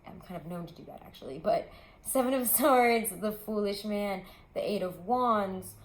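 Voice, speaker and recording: A woman's voice: mid-range voice, normal speed, echoey room. A woman giving a casual tarot reading, talking in a rambling, chatty way with lots of asides. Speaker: tarot reader.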